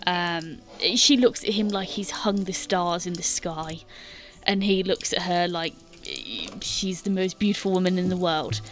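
A woman's voice: on the low side, measured pace. A woman game master narrating a tabletop scene in detail, with many fillers and hesitant restarts.

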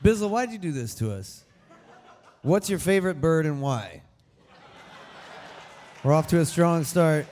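Man, higher lively voice, teasing question reader, live hall echo. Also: measured pace, long pauses, a little hiss or hum. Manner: playful, teasing, laughs often. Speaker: band member reading audience questions. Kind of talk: live onstage banter. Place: arts venue stage. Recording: live venue reverb.

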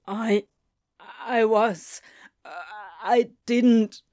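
A woman's voice: fairly high pitch, dark tone. A woman voicing a stammering, shaken male demon. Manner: stammering, halting. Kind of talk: audiobook fan fiction reading.

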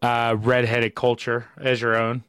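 A man's voice: mid-range voice, completely flat delivery, unhurried, a bit bright, clear, resonant tone, dry recording. A man hosting a casual podcast interview, asking questions loosely, laughing often and swearing freely. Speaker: podcast host.

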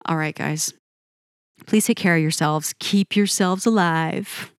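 A woman's voice: fairly low pitch, clear, resonant tone, no echo, studio quality. An emotional woman speaking earnestly to her viewers, encouraging them to take care of themselves. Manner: earnest and emotional, speeding up and slowing down. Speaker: music video creator. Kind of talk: heartfelt direct-to-camera talk.

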